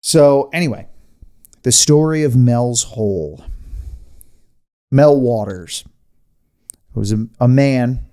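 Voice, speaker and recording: A man hosting a podcast, telling a story in casual chat with animated delivery, rambling asides and frequent laughs. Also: mid-range voice, slow pace, pauses often. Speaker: podcast host.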